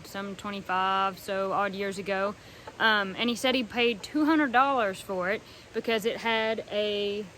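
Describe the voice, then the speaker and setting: Young woman from North Carolina, slightly high, earnest and soft-spoken with ums, faint hiss under the voice. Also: poor audio. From North Carolina, USA. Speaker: fiddler showing her instrument. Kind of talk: casual heartfelt talk to camera.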